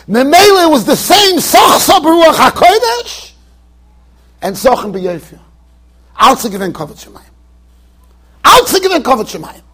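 Animated, husky high-voiced rabbi lecturing. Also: male voice. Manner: animated, emphatic, mixes Yiddish and Hebrew terms into English. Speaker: rabbi giving a Torah class. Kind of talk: yeshiva Torah lecture. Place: yeshiva study hall.

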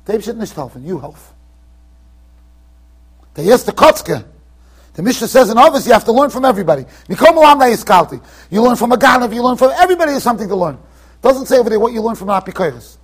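A rabbi teaching a Torah class in a yeshiva, animated and emphatic, acting out the people he quotes with sudden loud bursts and quiet asides. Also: very high voice, quick pace, breathy edge. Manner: swings between emphatic and quiet, trailing-off asides. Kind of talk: Torah lecture to students. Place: yeshiva study hall.

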